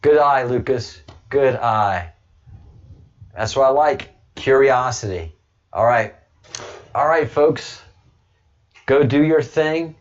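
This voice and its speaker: A man's voice: medium pitch, slow, long pauses, dull audio. A man hosting a livestream, talking casually to viewers in a rambling way with frequent restarts. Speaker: livestream host.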